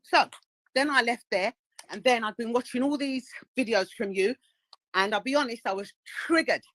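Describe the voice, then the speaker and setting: A woman's voice: fairly high pitch, normal speed, a bit bright, no room sound, poor audio. Indignant woman calling in to a live stream. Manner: indignant, acts out the voices of others in her story. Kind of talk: animated storytelling.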